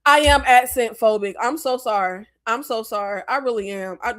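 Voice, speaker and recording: Chatty high-voiced woman. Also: moderate pace, a bit bright. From American South. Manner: chatty, laughs often, apologetic asides. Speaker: movie livestream host. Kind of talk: casual livestream chat.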